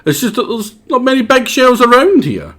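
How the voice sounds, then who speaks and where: A man voicing a small, anxious male crab who wants a bigger shell, in a strained, high put-on voice for a video game. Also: wildly swooping pitch, moderate pace, bright, forceful tone, exaggerated voice. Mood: pleading.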